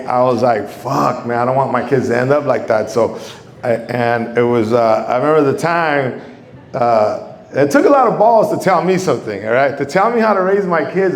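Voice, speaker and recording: A middle-aged man, telling stand-up stories on a comedy club stage. He rambles, swears a lot and acts out quoted voices. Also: on the high side. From Mexico. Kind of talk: stand-up storytelling. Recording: echoey club room.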